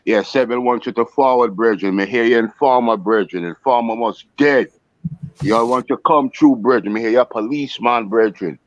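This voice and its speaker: A man's voice: mid-range voice, moderate pace, no echo, muffled recording, close to an everyday voice. A man voicing a boastful fake Jamaican gunman in an exaggerated put-on Jamaican accent, taunting and provocative, calling in remotely.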